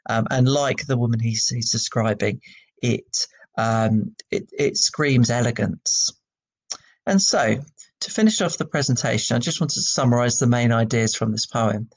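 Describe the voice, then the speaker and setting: Male teacher, poetry lesson, medium pitch, loose and conversational, lots of ums. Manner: conversational, many ums and restarts. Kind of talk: recorded classroom lesson.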